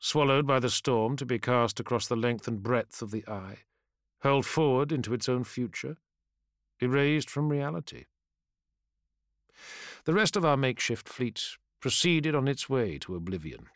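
A man narrating a first-person fantasy audiobook in a measured, grave storytelling voice. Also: medium pitch, lively intonation, fairly bright tone, no room sound, studio quality.

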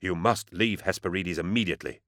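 A man voicing a grim, dutiful male warrior captain who speaks in a firm, deliberate, commanding way. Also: low voice, a bit bright, no echo, studio quality. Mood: resolute.

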